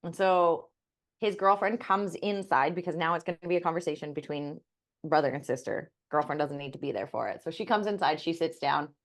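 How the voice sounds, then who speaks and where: Candid, low-voiced woman telling a story. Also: a little fast. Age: middle-aged. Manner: candid, swears freely, frequent "like" fillers. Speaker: podcast co-host. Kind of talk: casual storytelling chat.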